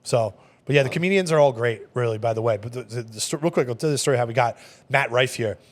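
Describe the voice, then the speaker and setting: A man who manages a bar, telling stories in a casual interview, quick and animated with many fillers. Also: mid-range voice. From Long Island, New York. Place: podcast studio.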